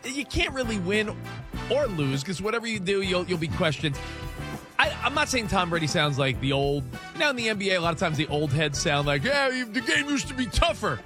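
A high, lively male voice on sports radio, swinging up and down as he argues. He talks with lots of restarts, and music plays underneath. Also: brisk. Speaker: radio co-host. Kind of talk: casual sports radio chat.

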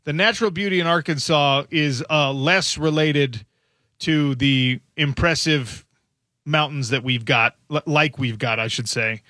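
A man's voice: a little high, a little slow, sharp tone, no room sound. A man hosting a sports radio show in a studio, musing aloud in a casual, conversational way. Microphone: studio microphone.

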